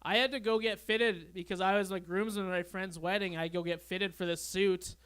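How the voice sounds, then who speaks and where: A young man doing a stand-up comedy set on a club stage, with a deadpan, awkward storytelling manner. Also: high voice, normal speed, clean tone. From Canada.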